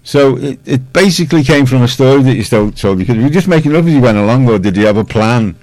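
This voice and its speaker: An older man with a Scouse accent hosting a casual radio studio interview, chatty and halting with many fillers. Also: mid-range voice, animated, darkish tone, no echo, low-quality recording. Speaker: radio host.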